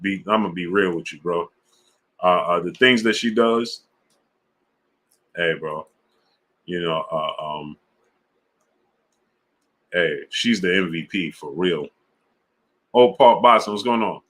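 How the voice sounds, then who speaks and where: A man hosting a sports live stream, chatting casually in slang and shouting out viewers by name. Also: low-pitched, takes it slowly, pauses often. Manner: laid-back, slang-heavy, shouting out viewers. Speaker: sports channel host. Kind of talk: casual live-stream chat reading super chats.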